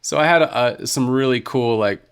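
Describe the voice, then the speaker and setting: A man's voice: mid-range voice, normal speed, smooth. A man, a worship leader, telling his story as a podcast guest in an earnest, casual way with many "you know"s and restarts.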